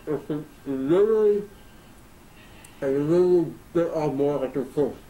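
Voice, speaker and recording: A man's voice: a little high, a little slow, dark tone, roomy sound, muffled recording. A man doing a food challenge on camera, hyped and joking, with playful boasting. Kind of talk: casual vlog commentary.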